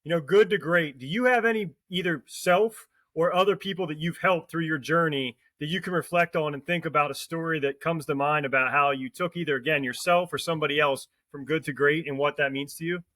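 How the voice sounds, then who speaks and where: Fast-talking, bright-voiced podcast host. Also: male voice, fairly high pitch, no room sound, rough recording. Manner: chatty, affirming, long winding questions. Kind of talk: interview conversation.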